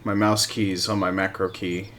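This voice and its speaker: A man's voice: low-pitched, level tone, moderate pace, a bit bright, a little hiss or hum. A man streaming a hunting game live, giving casual gameplay commentary with rambling, self-mocking asides.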